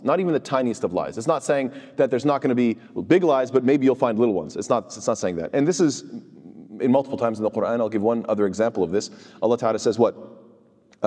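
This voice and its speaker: Quick-talking man teaching Quran commentary. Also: mid-range voice, long reverb tail. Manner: lively, asks rhetorical questions and answers them himself; mixes recited Arabic verses into English explanation. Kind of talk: conversational religious lecture.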